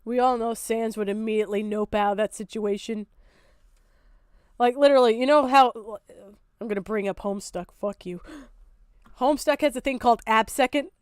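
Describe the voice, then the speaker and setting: Young woman streamer, high voice, swears a lot, loud and fed up, dry close sound. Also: moderate pace, long pauses, clear, resonant tone, no echo. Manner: blunt, profane and exasperated, often shouting in disbelief. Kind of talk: casual reaction commentary.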